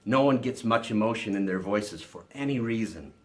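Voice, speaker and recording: A man voicing an earnest, gentle young man. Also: fairly low pitch, lively intonation, moderate pace, lightly acted.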